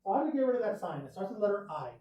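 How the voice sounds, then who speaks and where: A man's voice: high voice, sing-song, rapid-fire, mellow, slightly rough. A male math teacher giving a chatty classroom lesson, often asking the class questions and wandering off on tangents. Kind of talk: classroom lesson, recorded for video. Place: classroom with students.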